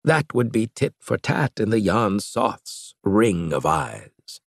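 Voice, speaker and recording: A man voicing an analytical male professor in an audiobook, reasoning in a measured way. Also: lowish voice, big pitch swings, creaky, no echo, studio quality, exaggerated voice.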